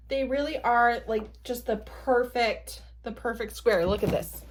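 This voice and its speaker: A woman casually vlogging at home, gushing excitedly and laughing often while unboxing a gift. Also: a little high, a little slow, few pauses, slight background noise. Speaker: book vlogger. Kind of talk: casual day-in-the-life vlog. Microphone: camera at an odd angle without tripod.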